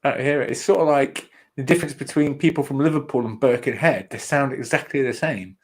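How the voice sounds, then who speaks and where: A man's voice: mid-range voice, a little fast, poor audio. A man hosting a trivia quiz over a call, rambling and laughing mid-sentence as he corrects himself. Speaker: quizmaster host.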